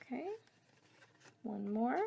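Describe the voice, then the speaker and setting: A woman's voice: on the high side, slow, gravelly, mellow, husky, highs cut off. A middle-aged woman demonstrating a paper craft project live, chatting and greeting viewers between steps. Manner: chatty, reads viewer comments aloud.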